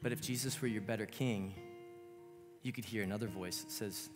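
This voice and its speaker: A man's voice: on the low side, fairly quick. Casual earnest male pastor preaching. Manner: casual, earnest, self-deprecating humor. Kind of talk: sermon. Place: church sanctuary. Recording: long church hall reverb with guitar underneath.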